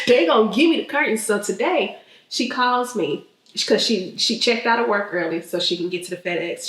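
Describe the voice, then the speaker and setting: A woman's voice: medium pitch, fairly quick, a bit bright. A woman in her thirties from Texas who tells a story animatedly and laughs often. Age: 30s. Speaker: vlogger host. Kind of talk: casual storytelling chat. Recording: echoey room.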